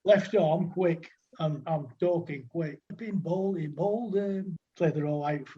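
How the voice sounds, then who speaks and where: A man's voice: on the high side, a little slow, husky, dull audio. A man in his sixties with a Lancashire accent, a podcast guest telling old cricket stories in a rambling, chatty way full of dialect words and fillers. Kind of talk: anecdotal storytelling.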